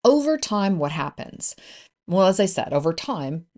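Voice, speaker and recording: A woman's voice: medium pitch, sing-song, unhurried, a little mellow. A woman business coach hosting a solo podcast, upbeat and encouraging in a conversational way.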